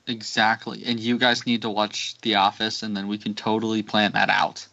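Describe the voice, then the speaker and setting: A man co-hosting a casual podcast chat, joking and acting out quick bits of dialogue between laughs. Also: lowish voice, completely flat delivery, bright, forceful tone, dull audio. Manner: jokey, acts out quick impressions, laughs often. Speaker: podcast co-host.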